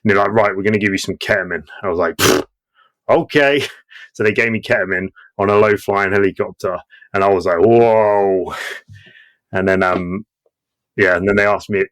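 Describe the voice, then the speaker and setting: Guest: man, 30s, lowish voice, salty and animated, laughs through his own tales. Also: quick pace. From Britain. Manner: profane, acts out quoted voices, laughs often. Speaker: guest veteran. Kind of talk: casual war storytelling.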